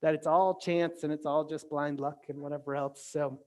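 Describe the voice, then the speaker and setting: A man's voice: on the high side, level tone, moderate pace, darkish tone. A man giving a conversational virtual sermon as pastor, often asking "right?" and restarting his sentences. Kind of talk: casual sermon. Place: church or home, virtual sermon.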